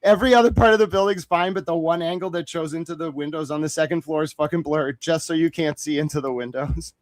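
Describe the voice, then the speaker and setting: A fairly high-pitched man tells his story in a rush of swearing and excitement. He mimics the people he quotes as he goes. His voice sits dry and close on the mic, with no room around it. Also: no echo. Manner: profane, rapid, excitable, acts out quotes. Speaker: guest. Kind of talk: animated storytelling in conversation.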